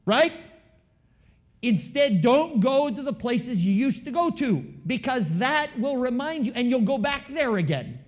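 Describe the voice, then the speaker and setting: A man preaching to his congregation in a high, very lively voice. He keeps it conversational and keeps asking the room questions. He swings between loud emphasis and hushed asides. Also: unhurried. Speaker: pastor. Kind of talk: sermon.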